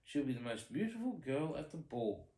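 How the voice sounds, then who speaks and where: Brief: dad playing cheerful storybook mice, lively and eager, echoey room. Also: male voice, mid-range voice, moderate pace, heavy background noise. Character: eager, helpful little mice.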